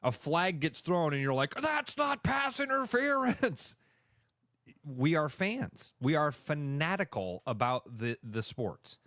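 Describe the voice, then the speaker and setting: A male sports radio co-host in casual chat, animated, acting out fans' reactions in quick voices. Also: mid-range voice, no room sound, clean studio sound.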